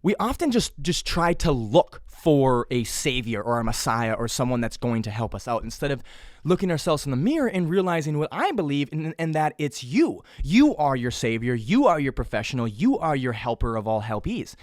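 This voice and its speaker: A man's voice: medium pitch, big pitch swings, normal speed, no echo, clean studio sound. A young man hosting his own podcast, talking casually in a rambling way, swearing often and mocking himself in a whiny voice. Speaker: podcast host. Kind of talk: casual solo podcast monologue.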